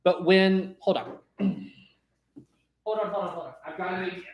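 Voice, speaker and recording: Young man, live stream host, casual chat, slightly high voice, rambling, restarts sentences. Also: moderate pace, muffled recording, a little hiss or hum. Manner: rambling, animated, frequent restarts; reads viewer chats aloud.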